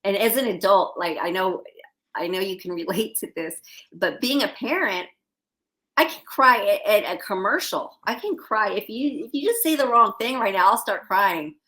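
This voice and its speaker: A woman's voice: mid-range voice, expressive, moderate pace, pushed and bright. A middle-aged woman talking candidly as a podcast guest, chatty and laughing often. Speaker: guest actress. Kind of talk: casual podcast chat.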